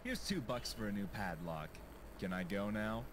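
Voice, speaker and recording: A man voicing a game character who sounds curt and dismissive, with a lowish voice that rises and falls a lot. The clip plays as game audio under loud background noise. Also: animated, moderate pace, lightly acted.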